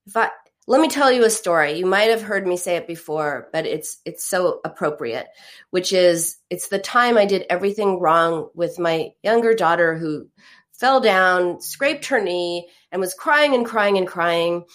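A woman's voice: on the low side, expressive, unhurried. Middle-aged woman therapist explaining. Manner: explains through stories, acts out quoted voices. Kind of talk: counseling conversation.

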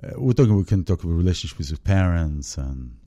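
A man hosting a spiritual conversation, speaking haltingly with many restarts as he searches for words. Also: low voice, expressive, warm tone.

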